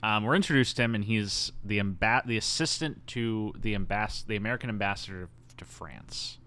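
A man co-hosting a casual podcast, recapping a film in an animated, storytelling way with frequent laughter. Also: on the low side, moderate pace. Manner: animated storytelling, acts out quoted lines with silly voices; laughs often. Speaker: podcast co-host. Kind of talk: casual chat.

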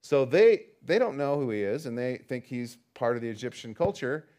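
A man teaching a Bible study in a relaxed, conversational way, reading scripture aloud and then explaining it with chatty asides. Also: medium pitch, normal speed.

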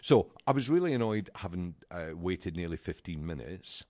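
Seated at a desk in a small room, a UK podcast co-host with a low-sitting voice speaks at normal speed, captured with dry, clean studio sound. He animatedly recounts a story in casual conversation, performing the voices of those he quotes.

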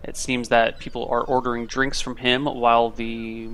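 A man narrates as game master for a tabletop game, relaxed and halting, with plenty of fillers. His voice is bright and forward, and a faint hiss sits behind it. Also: mid-range voice.

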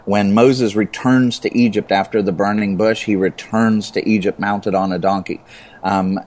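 A man who has taught middle and high school, explaining Bible passages in conversation and building up to emphasis by repeating words. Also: steady tone, normal speed, darkish tone. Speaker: Bible teacher.

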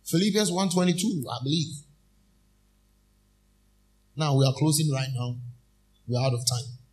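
A man's voice: fairly high pitch, lively intonation, a little mellow. A male minister preaches with a slightly raised voice. He pulls the congregation in with repeated questions and stretches out each key phrase for weight. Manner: emphatic, drawn-out key phrases. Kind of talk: sermon.

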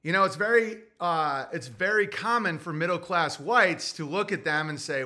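Bright high-voiced New Jersey man. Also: normal speed. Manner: animated, acts out quotes in put-on voices. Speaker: podcast host. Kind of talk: casual monologue.

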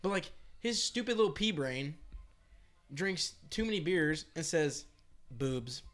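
A young man with a fairly high voice, chatting loosely on a podcast. He rambles, laughs a lot and slips into quick impressions of his friends. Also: lively intonation, a bit bright. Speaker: podcast co-host. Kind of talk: casual chat.

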